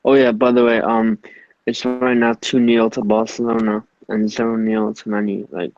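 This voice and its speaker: A man's voice: on the low side, little pitch movement, moderate pace, darkish tone, no echo. A man on a group video call talking in a laid-back, offhand way. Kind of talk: casual brief chat. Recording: dull, dry lo-fi call audio.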